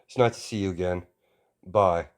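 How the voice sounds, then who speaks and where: A man voicing an easygoing, wry father who talks in a relaxed, dry way, in an amateur fan story. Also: low voice, normal speed, close to an everyday voice. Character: laid-back smoking father, easygoing and wry.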